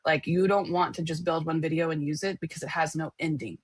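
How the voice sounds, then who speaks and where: A woman runs a casual screen-share tutorial as an online course teacher, chatting away and often checking in with "okay?" and "right?". Her voice is low, steady, and husky, she speaks fairly quickly, and the recording has no echo.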